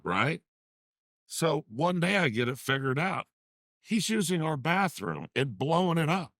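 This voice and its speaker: Animated male storyteller, dry studio. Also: a little high, moderate pace, creaky, dry recording. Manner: animated storyteller who acts out quotes and repeats "I said". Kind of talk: casual anecdote in a talk show.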